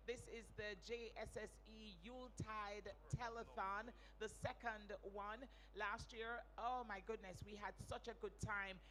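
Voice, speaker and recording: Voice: medium pitch, bright, forceful tone. A telethon host, presenting live, reading out pledge numbers and urging viewers to give. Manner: upbeat, reads pledge numbers and appeals to give. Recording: reverberant hall with faint hum.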